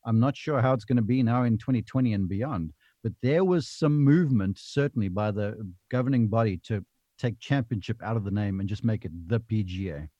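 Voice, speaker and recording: A man's voice: fairly low pitch, brisk, dark tone, no echo, highs cut off. A man who is a golf analyst talking emphatically and with animation in a casual podcast panel chat.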